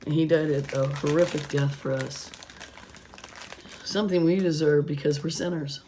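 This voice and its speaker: A woman with a hoarse voice, rambling casually as she works on a craft project and later preaching earnestly. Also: low voice, fairly even intonation, normal speed, mellow, slight background noise. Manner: rambling, thinking aloud with restarts; earnest preaching about faith. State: hoarse, voice still gone after illness. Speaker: craft vlogger. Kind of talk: casual craft vlog talk.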